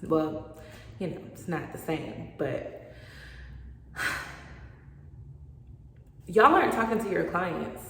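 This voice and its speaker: A woman's voice: lowish voice, slow pace, creaky, long pauses, a bit bright. A woman in her thirties, a loan officer, giving frank and emphatic advice straight to camera, repeating points for stress. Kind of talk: direct-to-camera advice vlog. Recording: very echoey room with long reverb.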